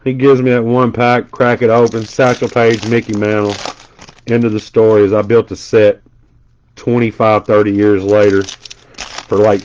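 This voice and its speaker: A man's voice: mid-range voice, a little mellow, lo-fi sound, a little hiss or hum. A man hosting a card break on a casual live stream. He chats and tells stories as he rattles off card names.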